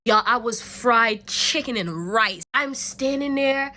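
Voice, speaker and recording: A young woman telling a storytime vlog in an animated, slangy way, with swearing and laughter. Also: on the high side, takes it slowly, slight background noise. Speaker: vlogger.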